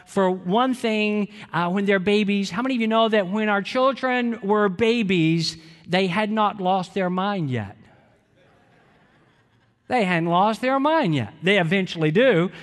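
High-voiced pastor preaching in a reverberant hall. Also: male voice, a bit bright. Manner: conversational, asks the congregation rhetorical questions. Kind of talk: sermon. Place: church sanctuary.

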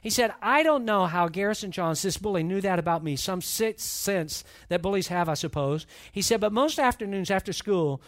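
A man's voice: high voice, lively intonation, normal speed, few pauses, fairly bright tone. A man preaching a sermon as pastor, reading and retelling a story with rising, emphatic intensity. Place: church.

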